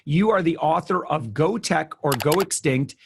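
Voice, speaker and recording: A man's voice: on the high side, expressive, normal speed, vocal fry, slight background noise. A man from the United States hosting an interview in a chatty way, with a lot of fillers and laughter. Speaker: podcast host. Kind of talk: casual interview chat.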